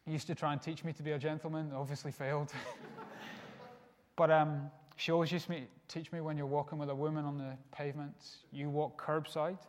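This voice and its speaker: A man's voice: a little high, little pitch movement, fairly quick. Earnest man preaching in a reverberant hall. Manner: earnest, shifts from soft hushed lines to emphatic rises. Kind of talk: sermon.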